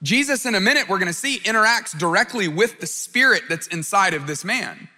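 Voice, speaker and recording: A man preaching a sermon, earnest and direct, who stumbles and repeats his words when he restarts a thought. His voice sits high and sounds bright and forceful. It carries a long reverb from a large hall. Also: animated, fairly quick. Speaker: pastor.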